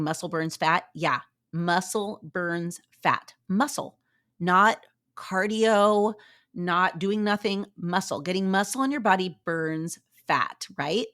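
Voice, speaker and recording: A woman's voice: mid-range voice, a bit bright. A woman hosting a motivational fitness podcast, talking in an upbeat, chatty, cheerleading way and laughing often. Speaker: podcast host.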